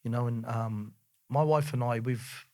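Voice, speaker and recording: A middle-aged man with an Australian accent, telling a personal story as a guest, earnest and more animated when he recounts scenes. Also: medium pitch, measured pace.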